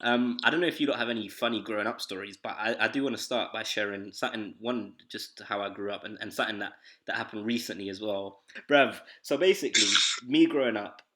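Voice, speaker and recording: A man's voice: lowish voice, fast talker. A young man, hosting a casual podcast and telling school and family stories with slang and frequent laughter. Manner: laughing, slangy, animated retelling. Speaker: podcast host. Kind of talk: casual storytelling chat.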